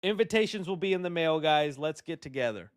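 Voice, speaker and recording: Brief: young male stream host, high and animated voice, jokey casual chat. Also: fairly quick, smooth. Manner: animated and joking, reads chat aloud.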